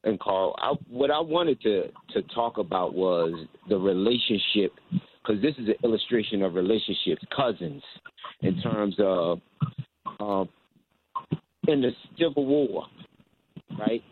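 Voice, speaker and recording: A man's voice: lowish voice, lively intonation, unhurried, pauses often, slightly rough. A man from Baltimore calling in to a radio show, hesitant and searching for his words. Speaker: caller. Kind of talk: call-in radio talk. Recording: tinny phone line.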